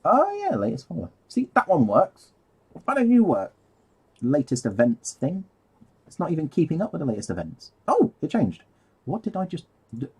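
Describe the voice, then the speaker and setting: A man's voice: on the high side, huge pitch swings, normal speed, creaky, slightly rough. A man rambling casually on a live stream while painting, easily sidetracked and laughing at himself.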